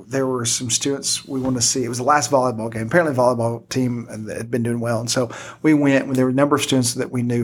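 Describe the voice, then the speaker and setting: A man, a school teacher and podcast guest, chatting casually at a table and telling stories with lively quoted voices. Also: medium pitch, a little hiss or hum. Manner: animated storyteller, acts out quoted voices. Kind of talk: casual conversation. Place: indoor podcast studio at a table.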